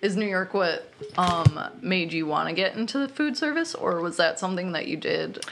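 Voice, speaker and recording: A woman's voice: lowish voice, moderate pace, vocal fry, music in the background. Giggly woman podcast host. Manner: giggly, laughs often, loose and chatty. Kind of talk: casual chat interview.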